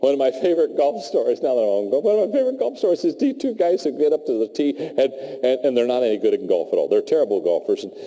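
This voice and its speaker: Lively, mellow-voiced male storyteller. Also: mid-range voice, fast, few pauses, rough recording. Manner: animated storytelling, playful asides. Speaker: motivational speaker. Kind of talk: humorous talk to a live audience.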